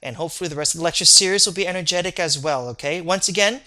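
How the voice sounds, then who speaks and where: A lecturer giving a recorded online lecture on medical terms, energetic and joking, often checking in with the listener. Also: medium pitch, rapid-fire. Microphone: recorded video lecture.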